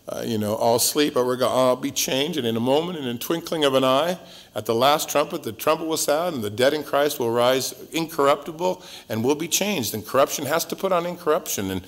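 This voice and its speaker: A male pastor teaching through a Bible passage verse by verse in a relaxed, joking, conversational way, his voice swinging up and down. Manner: conversational and joking, with wide swings in pitch and loudness.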